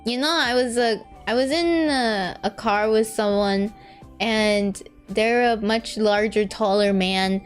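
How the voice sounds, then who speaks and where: A woman's voice: mid-range voice, slow, soft background music. A young woman VTuber chatting casually on a live stream while she draws, rambling, laughing often and answering her chat.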